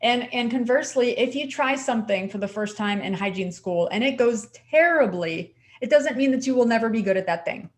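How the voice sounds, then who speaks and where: A woman co-hosting a podcast, a dental hygienist giving encouraging advice in animated casual chat, often saying "like". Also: fairly high pitch, brisk, hardly any pauses.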